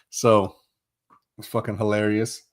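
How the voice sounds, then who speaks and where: A man's voice: fairly low pitch, flat delivery, slow pace. A man hosting a casual sports podcast, rambling and swearing as he rants in exasperation. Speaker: podcast host.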